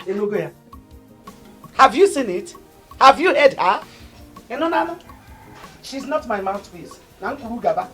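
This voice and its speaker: A resentful sister with a Nigerian accent, complaining loudly about respect. Her voice sits high, and faint music runs behind her. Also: sing-song, normal speed, pauses often. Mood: indignant. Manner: indignant, complaining. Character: bitter older sister, quick to take offense. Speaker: actress playing the husband's sister. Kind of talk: Nollywood film acting.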